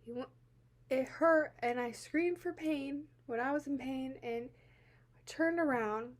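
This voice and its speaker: A young woman telling a personal account to camera, halting and teary-eyed, full of filler words, swinging between quiet and loud. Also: high-pitched. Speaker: vlogger.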